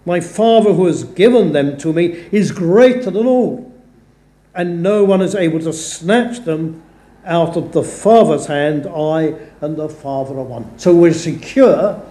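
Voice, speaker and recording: Slow, earnest preacher in a church. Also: male voice, high-pitched, dark tone. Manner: slow, earnest preaching with emphatic quoted scripture. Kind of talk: sermon. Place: church or chapel. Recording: echoey church room.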